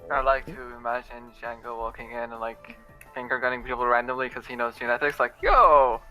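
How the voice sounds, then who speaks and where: A man's voice: mid-range voice, monotone, quick pace, bright, forceful tone, soft background music, rough recording. A man in a tabletop game chatting casually with dry jokes. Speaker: player. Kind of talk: casual chat.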